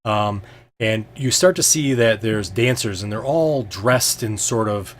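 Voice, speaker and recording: A man's voice: on the low side, a little slow, a little hiss or hum. A man as game master, narrating a tabletop game in a hesitant way with many ums and restarts.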